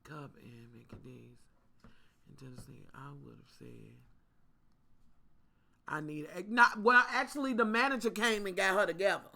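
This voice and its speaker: Bright-voiced sassy vlogger. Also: mid-range voice, sing-song, normal speed, vocal fry, long pauses. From Kentucky. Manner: sassy, profane, talks straight to viewers. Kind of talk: casual storytime rant.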